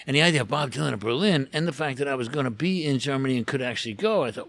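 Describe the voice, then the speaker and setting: A man's voice: medium pitch, fast talker, creaky, hardly any pauses, a bit bright. An older American man, a rock photographer, telling long stories as a podcast guest, with restarts and acted-out quotes. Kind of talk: casual storytelling in a podcast interview.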